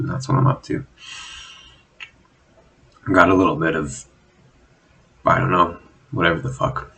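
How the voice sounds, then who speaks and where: Low gravelly rambling young man. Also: fairly bright tone, poor audio. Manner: rambling, swearing, self-deprecating, with frequent fillers and chuckles. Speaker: vlogger. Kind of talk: rambling casual monologue. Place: at home, drinking.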